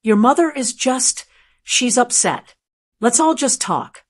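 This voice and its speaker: A woman's voice: a little high, lively intonation, slow. Woman reading a cold, silky, manipulative daughter-in-law. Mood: coldly soothing.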